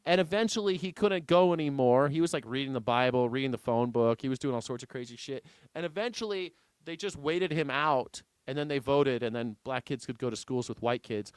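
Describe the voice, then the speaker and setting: A male host reacting to news clips in a loose, sarcastic, profane way. His voice is fairly high and smooth, with a dry, close sound. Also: no echo. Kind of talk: casual news reaction commentary.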